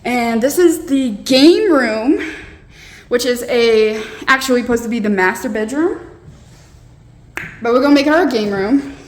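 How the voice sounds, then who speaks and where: A young woman giving an excited, gushing tour of her new mobile home, filming on a handheld phone. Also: a little high, a little slow, long pauses. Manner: gushing, excited, lots of fillers and swearing. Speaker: vlogger giving a house tour. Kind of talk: casual house tour narration.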